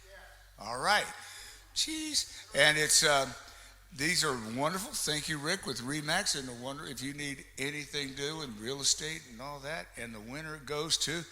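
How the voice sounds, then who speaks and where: A man's voice: fairly high pitch, normal speed, sharp tone. A man emceeing a live chamber of commerce meeting, chatty and joking with the crowd as he hands out door prizes and introduces a guest. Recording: reverberant hall with faint background noise.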